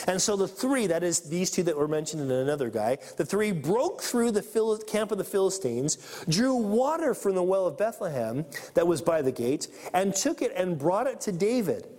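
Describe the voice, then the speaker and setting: A man preaching a sermon and reading scripture aloud, animated, acting out the people in the story. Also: high-pitched, moderate pace. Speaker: pastor. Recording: long hall reverb.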